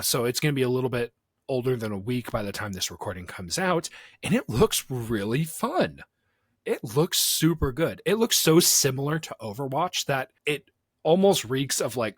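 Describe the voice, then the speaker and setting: A young man co-hosting a podcast in a loose, animated way, often laughing. His voice sits mid-pitch and sounds dry and close to the mic. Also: husky, dry recording. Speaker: podcast co-host. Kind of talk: casual podcast chat.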